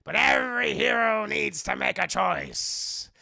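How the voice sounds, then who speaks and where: A man putting on a snarling, gleeful goblin villain voice, slow and shouted. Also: high-pitched, expressive, creaky, dry recording, clean studio sound, exaggerated voice. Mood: menacing. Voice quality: growling, drawn-out shouting.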